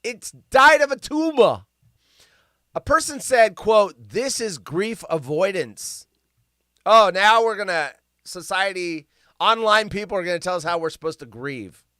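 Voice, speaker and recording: A livestream host reads news stories aloud and rants about them, rambling sarcastically and constantly veering off on tangents. His high-pitched voice is expressive, sharp and smooth, at a moderate pace, with clean studio-quality sound and no echo.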